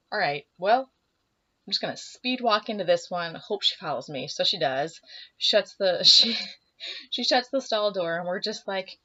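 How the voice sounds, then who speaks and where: Chatty young woman telling a story. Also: fairly low pitch. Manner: animated, acts out dialogue, drops to whispers. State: emotional, teary. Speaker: vlogger. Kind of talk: casual storytelling to camera. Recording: slightly dull lo-fi sound.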